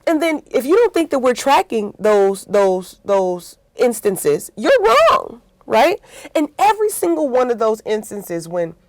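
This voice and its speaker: Animated woman with a dry close sound. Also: a little high, a little slow, no echo. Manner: animated storytelling with acted-out quotes; frequent "right?" tags. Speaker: interview guest, workplace consultant. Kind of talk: conversational interview.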